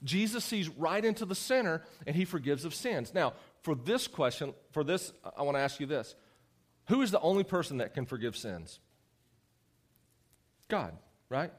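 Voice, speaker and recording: A young man preaching a conversational sermon, animated and teasing his listeners. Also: fairly high pitch. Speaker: youth preacher.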